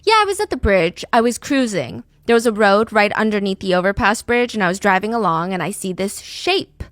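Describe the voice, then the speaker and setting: A woman voicing a man who calmly recounts a killing to police, in a breezy, matter-of-fact way. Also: mid-range voice, a little fast, no echo, close to an everyday voice. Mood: nonchalant.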